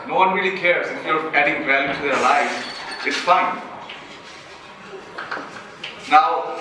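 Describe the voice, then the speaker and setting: A slightly high male voice belongs to a young Bangladeshi student speaker giving a heartfelt, self-deprecating motivational talk in Bangladeshi-accented English. He poses questions to the crowd. Background noise is audible, and the sound comes from far away in an echoing hall.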